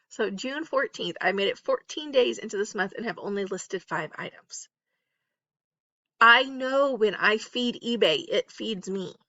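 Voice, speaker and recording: A middle-aged woman chats candidly to her viewers from home at night, laughing at herself as she talks through her online selling. Her voice is bright and forward, recorded close and dry, with a slightly dull, muffled top end. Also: mid-range voice, no room sound. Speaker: eBay reseller and YouTuber. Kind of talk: casual list-with-me chat. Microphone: close, off camera.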